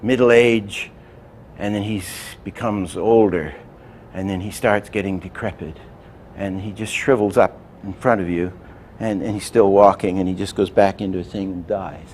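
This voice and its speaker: A man's voice: low-pitched, fairly even intonation, moderate pace, a little hiss or hum. Man teaching animation through anecdotes. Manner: anecdotal, demonstrative, trailing off into quiet asides. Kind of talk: lecture with acted-out examples.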